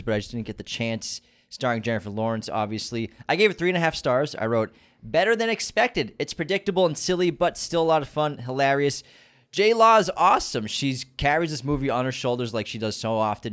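A man's voice: mid-range voice, fairly bright tone. A man co-hosting a podcast, talking about movies in an upbeat, jokey, casual way. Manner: upbeat, jokey, quick asides. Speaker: podcast co-host.

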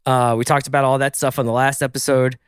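A man's voice: medium pitch, little pitch movement, quick pace, smooth, no echo, studio quality. A man hosting a podcast, talking casually and thinking aloud through a discussion of a TV episode. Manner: chatty, thinks aloud with restarts and asides. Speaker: podcast host. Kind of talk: casual pop-culture discussion.

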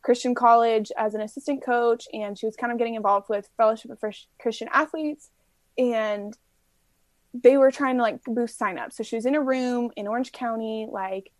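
A young woman, a softball player, chatting as an interview guest, telling stories with quick laughs and acted-out quotes. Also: on the high side, no room sound. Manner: animated storyteller, acts out quotes, laughs often. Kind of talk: casual interview chat.

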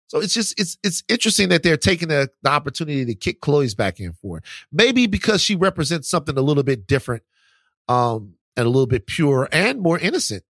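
Man, podcast co-host, lively swooping pitch, teasing and incredulous, dry mic. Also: brisk, dry recording. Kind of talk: casual podcast discussion.

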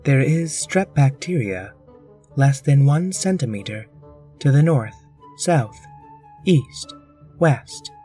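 A man narrating a children's story in a slow, playful storytelling manner. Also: mid-range voice, lively intonation, mellow, soft background music.

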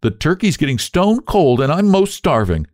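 A man's voice: a little high, big pitch swings, normal speed, a little mellow, no room sound, clean studio sound, voice pushed up. A man voicing a hungry, impatient young boy who talks in a whiny, complaining way. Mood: injured. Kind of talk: audiobook character voice.

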